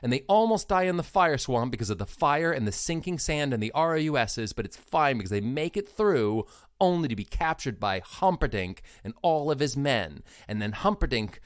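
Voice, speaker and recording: A man co-hosting a podcast, retelling a film's plot in a playful, lively casual chat. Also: mid-range voice, no room sound, clean studio sound. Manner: lively, playful, slips into quick character voices. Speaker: podcast co-host.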